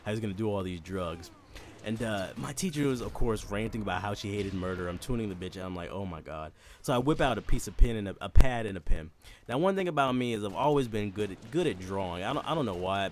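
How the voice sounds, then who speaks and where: A man's voice: on the low side, a little hiss or hum. A young man telling a comedic story in a casual, profane way, laughing often and mimicking voices.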